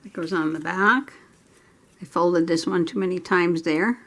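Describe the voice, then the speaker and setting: Slow-talking woman crafting at home. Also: fairly low pitch, a bit bright. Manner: chatty, thinking aloud while working. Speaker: craft vlogger. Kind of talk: casual crafting narration.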